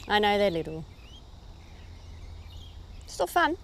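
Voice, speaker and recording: A woman with an Australian accent chatting casually as she fishes, talking to the fish and getting very excited over a catch. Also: mid-range voice. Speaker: fishing vlogger. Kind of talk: casual running commentary while fishing. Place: outdoors by the water in the rain.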